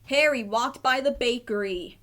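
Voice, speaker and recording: A woman reading a children's picture book aloud in a gentle, clear narrating voice. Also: a little high, moderate pace. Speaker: storybook reader.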